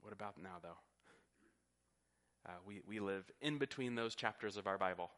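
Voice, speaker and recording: A man's voice: on the low side, moderate pace, fairly bright tone. A man preaching a sermon, teaching earnestly and often repeating words as he goes. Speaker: pastor.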